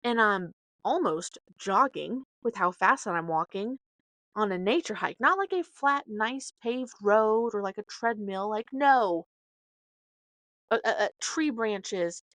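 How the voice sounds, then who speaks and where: A woman's voice: mid-range voice, fairly bright tone, no room sound. A woman hosting a podcast, telling a story in a casual, rambling way with side notes and self-corrections. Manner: dramatic, acts out quoted dialogue. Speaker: podcast host.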